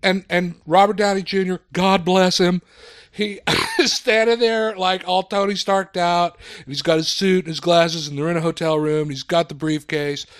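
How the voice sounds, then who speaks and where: A man co-hosting a film podcast who rants in an animated way, swears often and acts out other people's lines. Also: high-pitched, normal speed, clean tone. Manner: animated ranting, swears a lot, acts out quotes. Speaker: podcast co-host. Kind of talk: casual film review chat.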